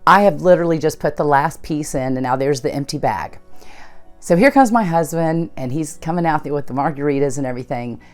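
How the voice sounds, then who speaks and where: Low-voiced woman telling a personal story. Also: brisk, faint music behind. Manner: conversational, retells events with quoted dialogue. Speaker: channel host.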